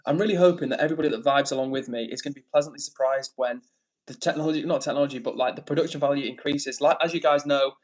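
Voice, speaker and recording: An English man hosting a casual livestream, upbeat and chatty as he reads out comments and gives shout-outs. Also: fairly high pitch, fairly even intonation, racing, poor audio. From England. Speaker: livestream host.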